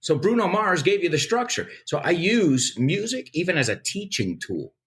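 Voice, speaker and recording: Animated middle-aged man. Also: sits high, normal speed. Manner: animated storyteller, playful, lively delivery. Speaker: guest, English teacher and radio presenter. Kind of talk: casual podcast interview.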